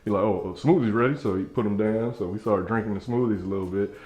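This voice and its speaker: A man's voice: lowish voice, fast talker. A man hosting his channel, telling a story in a casual, slangy way and acting out the people in it. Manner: animated, slangy, acts out dialogue.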